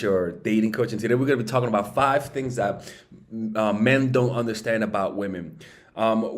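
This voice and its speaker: A man talking casually as a dating coach. He is blunt and profane, keeps checking for agreement with "okay?" and "right?", and gets louder and higher as he pushes a point.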